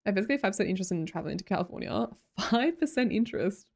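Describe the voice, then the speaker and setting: Woman, young adult, Australian accent, casual livestream chat, animated pitch, giggly. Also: very fast, gravelly. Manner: bubbly, laughs often, reads chat aloud.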